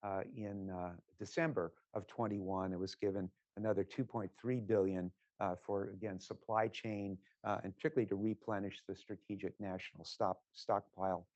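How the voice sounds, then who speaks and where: An older man with a lowish voice tells stories during a lecture, wandering through asides and hesitant pauses. The recording sounds dry and slightly muffled. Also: a little mellow, dry recording. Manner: conversational, rambling, many filler pauses. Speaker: physician giving a lecture. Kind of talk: lecture with personal anecdotes.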